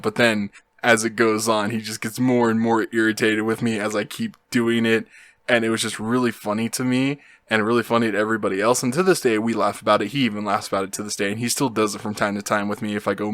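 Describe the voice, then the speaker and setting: A young man tells a story in an easygoing, rambling way, full of fillers. His voice sits a little low. The recording is close and dry, with no room sound. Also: steady tone, fast, fairly bright tone, dry recording. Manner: rambling, laid-back, lots of fillers. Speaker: YouTube host. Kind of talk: casual storytelling.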